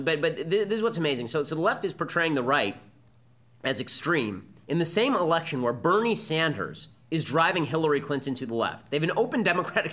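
A man's voice: mid-range voice, bright, forceful tone. A man hosting a podcast, delivering combative political commentary as a monologue. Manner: combative, fast-talking monologue. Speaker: podcast host.

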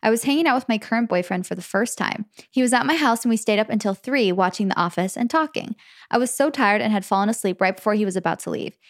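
A young woman in her twenties on a casual chat podcast. She reads listener mail aloud and tells lively stories, laughing often in an easygoing voice at an ordinary pitch. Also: fast talker, dry recording, clean studio sound. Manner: chatty, laughs often, animated storytelling. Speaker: podcast co-host.

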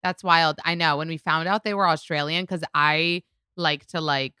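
Woman podcast host, low voice but bright and smooth, gushy fan vibe. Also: fairly even intonation, moderate pace, no echo, clean studio sound. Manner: enthusiastic, gushing fan. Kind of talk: casual podcast interview.

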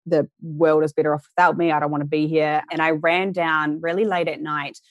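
A woman's voice: deep voice, little pitch movement, a little fast, no room sound, highs cut off. A young woman as an interview guest, telling a personal story candidly and earnestly, often acting out what people said. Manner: candid, earnest, re-enacts quoted voices.

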